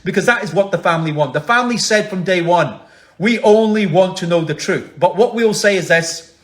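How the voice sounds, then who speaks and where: A man speaks in a fairly high voice, delivering an angry protest speech. He hammers home his points through rhetorical repetition. The sound comes through a video call. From Scotland. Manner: forceful, rhetorical, repetitive emphasis. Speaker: human rights lawyer.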